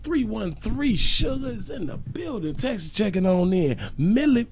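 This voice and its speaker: A man from St. Louis hosting a joking livestream, hoarse from losing part of his voice, calling out shout-outs and breaking into squeaky high greetings. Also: lively intonation, moderate pace, a little hiss or hum. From St. Louis, Missouri. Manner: loud shout-outs, sudden squeaky high "hey sugar" bits. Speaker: livestream host reading chat. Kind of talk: joking casual livestream chat.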